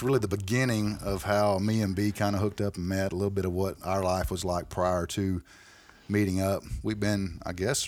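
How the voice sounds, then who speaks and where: A man hosting a podcast in a makeshift studio, talking in a folksy, rambling way. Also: deep voice. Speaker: podcast host. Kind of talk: casual chat.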